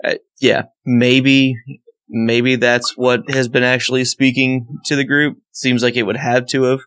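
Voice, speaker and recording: A man co-hosting a podcast as a first-time reader, chatting casually, animated, laughing often and acting out quoted lines with some swearing. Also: medium pitch.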